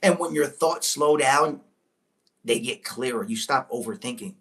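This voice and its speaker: A woman giving a motivational talk to viewers, preachy and emphatic, repeating key lines, slowing on big points and breaking into excited exclamations. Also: a bass voice. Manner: slows right down on key phrases. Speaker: motivational speaker. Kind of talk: live-stream motivational talk.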